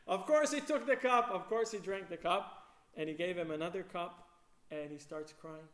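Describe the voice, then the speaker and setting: A rabbi preaches on the weekly portion, spinning a tale and slipping into the voices of its characters. His voice sits fairly high and he leans on fillers as he goes. The room has a noticeable echo around him. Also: moderate pace, slight background noise. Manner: animated storyteller, acts out quoted voices, many fillers. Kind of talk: Torah portion sermon with storytelling. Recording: echoey room.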